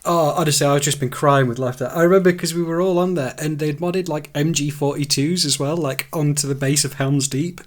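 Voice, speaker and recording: A man's voice: a little high, steady tone, a little fast, hardly any pauses. A young man co-hosting a gaming podcast, rambling through stories in casual chat and laughing as he goes. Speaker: podcast co-host.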